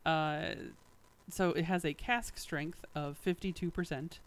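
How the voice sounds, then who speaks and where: A man's voice: on the high side, steady tone, a little slow, fairly bright tone, clear, resonant tone, rough recording. A man co-hosting a casual podcast chat, reading a press statement aloud with wry asides and frequent laughs. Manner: wry, laughs often, drifts off mid-sentence. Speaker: podcast co-host.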